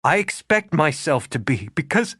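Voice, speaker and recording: A guarded, proper young woman who is quick to bristle, as a male narrator puts her on. The voice sits high and lively, rising and falling sharply. It is recorded close and dry, in an audiobook. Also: husky, dry recording, exaggerated voice. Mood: pleading. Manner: indignant, clipped, rising to a high pitch. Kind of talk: audiobook character voice.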